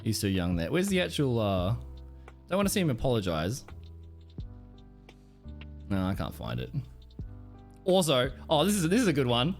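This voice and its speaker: A young Australian man reacts to clips on his stream, his pitch bouncing up and down with animated energy. He rambles, swears freely and talks in a relaxed, chatty way. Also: normal speed, creaky, pauses often, soft background music. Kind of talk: casual reaction commentary.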